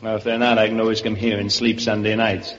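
A man playing a guest on a scripted radio comedy, quick and joking. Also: lowish voice, level tone. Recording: dull old radio broadcast with hiss and theater reverb.

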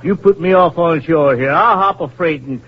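An actor playing a stubborn, proud backwoods flute player, earnest and plain-spoken, in 1940s radio acting. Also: male voice, a little high, moderate pace. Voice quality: husky. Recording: muffled old radio recording.

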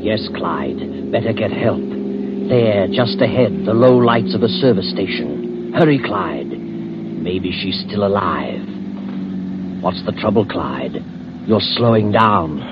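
An actor playing a mysterious all-knowing male narrator who walks by night, in slow, ominous 1940s radio narration. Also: lowish voice, expressive. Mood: taunting. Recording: hissy dull old radio broadcast with music.

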